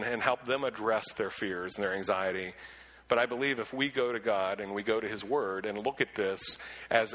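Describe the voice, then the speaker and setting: A man preaching a sermon with earnest emphasis, who often repeats words as he starts a sentence and slows down to read scripture aloud. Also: mid-range voice, pushed and bright, rough recording. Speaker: pastor.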